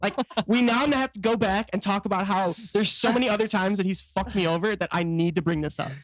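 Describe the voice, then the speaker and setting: A young man co-hosting a podcast in casual chat, with wry, deadpan complaints. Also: sits high, a little fast, no room sound. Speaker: podcast co-host.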